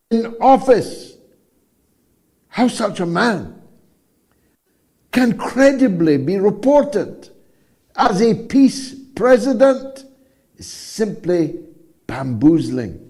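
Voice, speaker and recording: An older man hosting a live talk show, speaking emphatically and rhetorically with a slow, deliberate delivery. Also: sits high, a little mellow.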